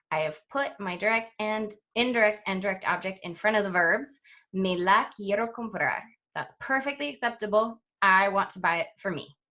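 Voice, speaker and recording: A woman language coach teaching a grammar lesson, explaining clearly and step by step, and slowing down to spell out example phrases. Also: mid-range voice, bright, forceful tone.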